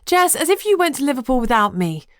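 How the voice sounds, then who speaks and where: A woman's voice: high voice, big pitch swings, fast, a bit bright, no room sound, voice pushed up. A woman voicing a bubbly, teasing young woman who is the narrator's best friend, in a dry audiobook recording.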